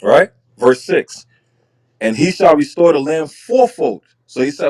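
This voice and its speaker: A man's voice: a little high, expressive, a little slow, darkish tone. Guy reading bible verses then breaking em down in slang, easygoing teaching voice. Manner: reads verses aloud, then explains them in casual slang. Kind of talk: casual scripture teaching.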